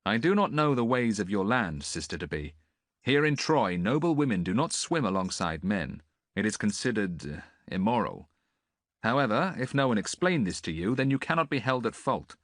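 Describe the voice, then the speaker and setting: A man's voice: on the low side, sing-song, moderate pace, dry recording, studio quality, voice pushed up. A man voicing a tall, confident young prince in an audiobook, commanding but amiable.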